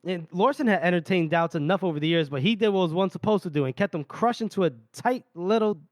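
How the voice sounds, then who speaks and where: Fast-talking and high-voiced, a man hosts a podcast where he recaps a fantasy novel chapter in a casual way. He reads passages aloud, voices characters lightly, and laughs often while retelling; the recording is dry.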